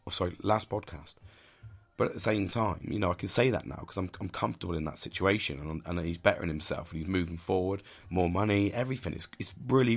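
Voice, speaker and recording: Man, podcast host, low voice, husky rasp, blunt, swears a lot, emphatic, candid monologue. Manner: blunt and heavily profane; emphatic and intense.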